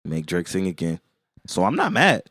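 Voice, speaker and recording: A man's voice: deep voice, huge pitch swings, moderate pace, fairly bright tone, no room sound, clean studio sound. A man co-hosting a podcast in loose casual chat, rambling with lots of fillers and restarts. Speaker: podcast co-host.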